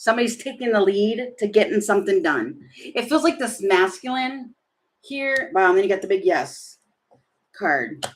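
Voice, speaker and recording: A woman's voice: mid-range voice, expressive, moderate pace, rough recording. A woman giving a casual tarot reading, chatty and giggly, thinking aloud as she turns the cards. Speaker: tarot reader.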